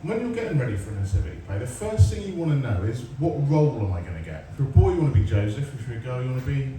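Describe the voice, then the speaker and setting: On a comedy club stage, an English man in his forties delivers sarcastic, foul-mouthed stand-up, telling stories and talking with the crowd. His mid-range voice is dark in tone, very animated, and rapid-fire. A distant mic captures him in a roomy live venue, with a little hiss or hum, the crowd, and audience laughter.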